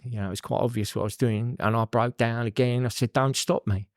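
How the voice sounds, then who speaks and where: A man's voice: mid-range voice, flat delivery, fast talker, no room sound, clean studio sound. A middle-aged man, a podcast guest telling his own story candidly, swearing freely and saying "you know" a lot.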